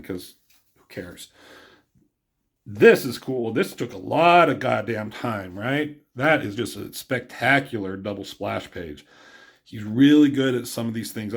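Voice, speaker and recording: A man's voice: mid-range voice, slightly rough. Offhand, swearing man reviewing comics. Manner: rambling, profane, offhand.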